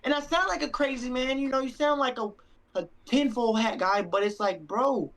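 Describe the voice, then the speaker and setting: A man's voice: very high-pitched, normal speed, a bit bright, rough recording. A young man and stream co-host, talking earnestly and sincerely in a heartfelt casual chat, often repeating himself. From Mexican-American.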